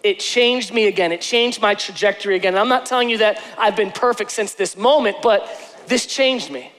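A man preaching a sermon as pastor from a church stage, emphatic and repeating his phrases, dropping soft and then rising to a shout. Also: sits high, fairly quick. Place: church stage before a congregation. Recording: echoey church hall.

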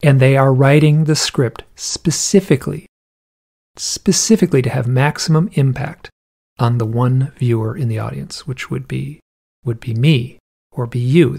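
A man's voice: mid-range voice, vocal fry. A man telling a long story in casual conversation, acting out the people in it. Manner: animated storyteller, acts out quoted people in a raised voice. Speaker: podcast guest.

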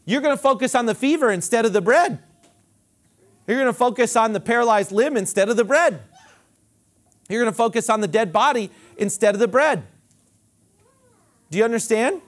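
A man preaching a sermon as pastor, emphatic and repetitive, dropping low and quiet when he quotes scripture. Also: lively intonation, moderate pace, pauses often. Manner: emphatic preaching with repeated phrases.

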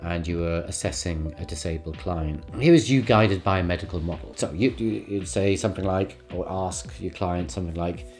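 A man's voice: sits low, moderate pace, few pauses, a little mellow, soft background music. A male university lecturer giving a recorded lecture in a conversational way, with asides to the listener. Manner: conversational, with asides and short laughs.

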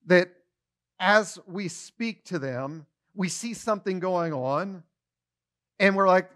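A man's voice: high-pitched, slow, fairly bright tone. A man pastor giving a conversational sermon, often repeating words as he starts a phrase and acting out everyday quotes with a shifting tone.

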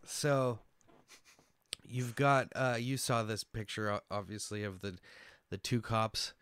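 A man's voice: on the low side, slow, a bit bright, clear, resonant tone, no echo. Rambling podcast guy, dry close mic. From Oregon. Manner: rambling, swears freely, lots of fillers and restarts. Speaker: podcast co-host. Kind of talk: casual podcast chat. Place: hot small room.

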